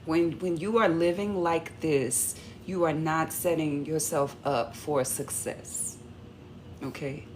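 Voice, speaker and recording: A woman's voice: low-pitched, takes it slowly, noisy background. A woman talking casually to her audience as a relationship coach, sassy and conversational. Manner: animated, acts out quoted arguments. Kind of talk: casual talk to camera.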